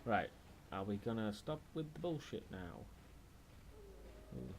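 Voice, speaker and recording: Swearing British gamer with a Welsh lilt. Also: male voice, on the low side, huge pitch swings, unhurried, slight background noise. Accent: British, slightly Welsh. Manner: chatty, swears and mutters at the game. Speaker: gaming streamer. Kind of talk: live game commentary.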